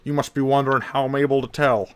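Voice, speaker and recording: A man voicing a boastful, pompous adult male knight with a put-on Southern US accent, drawled slowly and loudly. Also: mid-range voice, flat delivery, smooth, no echo, natural voice.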